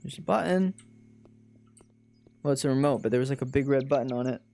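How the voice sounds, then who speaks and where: Playing a video game on stream, a young man keeps up self-mocking commentary full of exclamations, picked up by a desk mic. His voice is mid-range, gravelly and warm, and he talks briskly.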